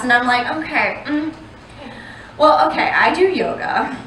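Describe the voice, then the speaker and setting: A woman's voice: high-pitched, animated, unhurried, slight background noise. A woman doing a stand-up comedy set on a club stage, chatty and profane as she confides in the crowd. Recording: roomy live club sound from a distant mic, loud crowd.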